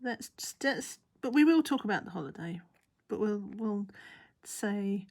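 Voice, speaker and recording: A woman's voice: mid-range voice, animated, moderate pace, hardly any pauses, a little mellow. A woman chatting casually as she works on a craft, mumbling and half-whispering to herself. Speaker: crafting vlogger. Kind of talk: casual chat while crafting.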